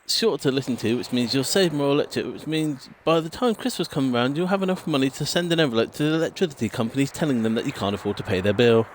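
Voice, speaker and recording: A British man streams a game and chats casually, talking fast with hardly any pauses in a mid-range voice with lively intonation, over a little hiss or hum. He rambles, swears now and then and mimics sound clips.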